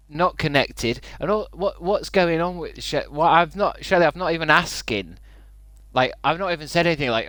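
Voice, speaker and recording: Sweary streamer, very dry sound. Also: male voice, mid-range voice, moderate pace, dry recording. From Britain. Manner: sweary, incredulous, animated. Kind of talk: casual gaming livestream chat.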